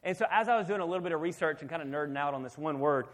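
A man's voice: fairly high pitch, racing. A man in his thirties preaching a conversational sermon, asking his listeners questions along the way. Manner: conversational, animated, asks the audience questions. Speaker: pastor.

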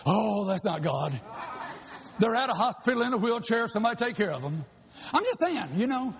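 A man preaching a sermon, shouting at times and rushing through asides. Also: very high voice, very animated. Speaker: pastor. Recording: long hall reverb.

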